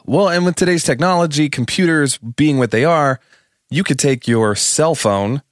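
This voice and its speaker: A man's voice: medium pitch, no room sound. Easygoing man on a dry podcast mic. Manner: easygoing, laughs while explaining. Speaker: podcast co-host. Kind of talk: casual chat about studio production.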